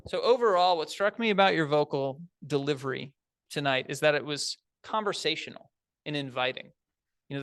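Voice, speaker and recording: A man's voice: fairly high pitch, a bit bright, smooth, dry recording. A man evaluating a speech in front of an audience in a large meeting room, talking in an encouraging, conversational, plain-spoken way.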